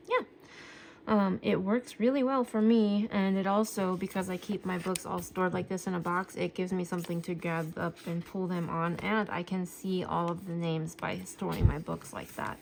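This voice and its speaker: A woman's voice: fairly low pitch, vocal fry, a little hiss or hum. A woman chatting casually through a sticker book flip-through, a little out of breath, with a chatty manner and lots of "um" fillers. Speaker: planner vlogger.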